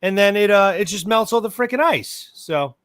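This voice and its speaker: A man's voice: sits high, expressive, moderate pace, fairly bright tone, no echo, studio quality. A man from New York co-hosting a music podcast, telling wry, rambling stories in casual chat. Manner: wry, rambling anecdotes with mild cursing. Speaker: podcast co-host.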